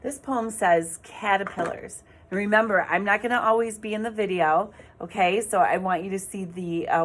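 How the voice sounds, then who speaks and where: A woman teacher giving an online reading lesson to young children, speaking in a clear, sing-song way and spelling words out letter by letter. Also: fairly low pitch.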